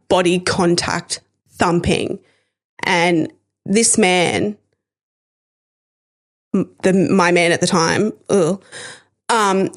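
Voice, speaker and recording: A woman, hosting a podcast and candidly telling a painful personal story, emotional and swearing at times. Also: mid-range voice. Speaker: podcast host sharing her story.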